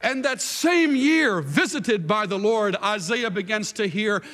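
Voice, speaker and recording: A man preaching a sermon to a congregation, dramatic, moving from hushed tones to shouting. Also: sits high, expressive, a little slow. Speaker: pastor. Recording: long reverb hall with faint music.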